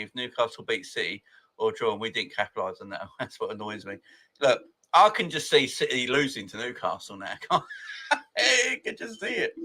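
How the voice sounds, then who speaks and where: Host: excitable man in his forties, bright forceful voice, casual live-chat energy. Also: medium pitch. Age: 40s. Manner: excitable, laughs often, greets viewers by name. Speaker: football fan channel host. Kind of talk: casual live chat reading viewer comments.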